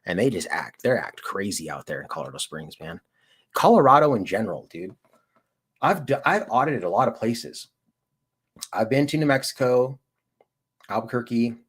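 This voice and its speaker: The voice is a man's, lowish and slightly rough. He hosts a livestream and works as an auditor in Colorado, talking with viewers in a rambling, slang-heavy style full of "dude" and "like."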